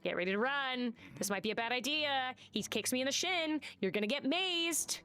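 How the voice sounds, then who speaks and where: A woman's voice: high-pitched, expressive, moderate pace, bright, forceful tone, clean tone, soft background music. A woman streaming a game live, chatting casually, swearing and reading the game's text aloud.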